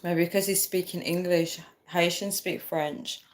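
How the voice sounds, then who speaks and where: A woman's voice: on the low side, fairly even intonation, measured pace. Tired woman giggling through a livestream. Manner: laughs often, giggling fits, reads viewer comments aloud. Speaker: livestream host. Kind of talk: casual livestream chat reading out comments.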